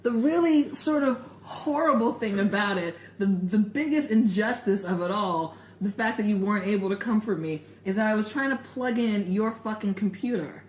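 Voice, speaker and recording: A woman's voice: medium pitch, moderate pace, hardly any pauses, echoey room. A woman co-hosting a podcast, telling stories in casual chat with frequent laughter. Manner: laughing, animated storytelling. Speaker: podcast co-host.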